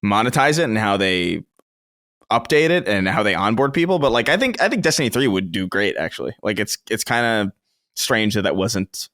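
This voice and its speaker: A man's voice: fairly low pitch, lively intonation, moderate pace, a bit bright. A man co-hosting a video game podcast, talking casually and animatedly, with frequent laughs and casual swearing. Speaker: podcast co-host. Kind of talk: casual chat.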